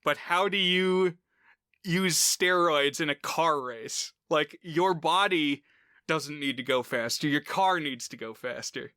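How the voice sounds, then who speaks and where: A man's voice: a little high, slow, sharp tone, no echo, clean studio sound. A man chatting casually on a film podcast, explaining plot points in a rambling way with lots of fillers. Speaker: podcast co-host.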